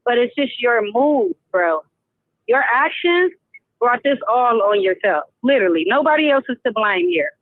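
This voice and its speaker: A woman's voice: a little high, sing-song, normal speed, dry recording. A woman calling in to a livestream, talking bluntly and emphatically. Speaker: caller. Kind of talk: casual call-in chat. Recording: phone line.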